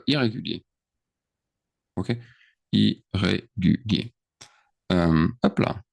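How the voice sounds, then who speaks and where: A man's voice: on the low side, vocal fry. A man teaching a grammar lesson over screen share, thinking aloud and checking in with frequent questions. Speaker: French teacher.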